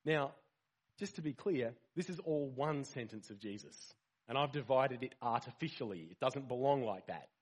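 Husky-voiced man preaching conversationally. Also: mid-range voice, normal speed. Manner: conversational, rhetorical questions, animated emphasis. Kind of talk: sermon.

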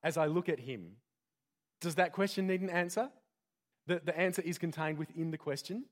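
A pastor giving a conversational sermon full of rhetorical questions. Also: male voice, fairly high pitch, moderate pace.

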